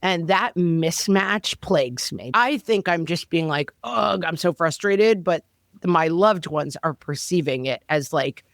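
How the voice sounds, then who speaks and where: A woman's voice: low-pitched, unhurried, no echo, studio quality. A woman co-hosting a parenting podcast, chatting casually, joking and acting out quoted exchanges. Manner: animated, jokey, acts out quoted exchanges. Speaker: podcast co-host.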